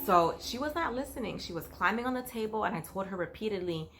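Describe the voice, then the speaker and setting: A woman talks straight to her viewers in a relaxed vlog, telling a story about her work as a nanny. Her voice sits at a middle pitch. She talks loosely and conversationally, with plenty of fillers. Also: fast talker. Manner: chatty, storytelling, with frequent fillers like "like" and "you know".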